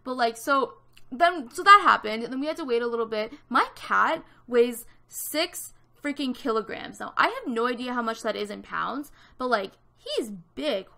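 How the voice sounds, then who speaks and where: A woman's voice: fairly high pitch, expressive, measured pace, gravelly, pushed and bright. A woman in her twenties from Canada, telling a story in casual chat over a gaming video, with lots of fillers. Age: 20s. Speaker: gaming vlogger.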